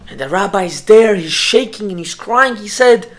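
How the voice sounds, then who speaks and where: A man, a rabbi, telling a story in an emotional sermon. He swings from hushed tones to loud, urgent speech and repeats phrases for emphasis. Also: high voice, expressive, normal speed, few pauses. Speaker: rabbi giving an inspirational talk.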